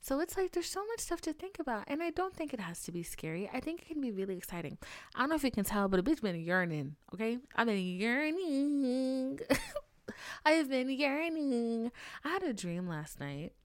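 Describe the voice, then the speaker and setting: Animated, profane woman podcaster. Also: mid-range voice, fast talker, dry recording. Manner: animated, profane, dramatic swings into loud outbursts and whispers. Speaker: podcast host. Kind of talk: casual solo podcast storytelling.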